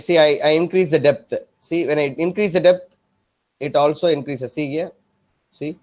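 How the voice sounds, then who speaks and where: Man teaching, checks "am I clear?". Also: on the high side. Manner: repetitive, keeps checking "am I clear?". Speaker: design instructor. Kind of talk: screen-recorded software tutorial.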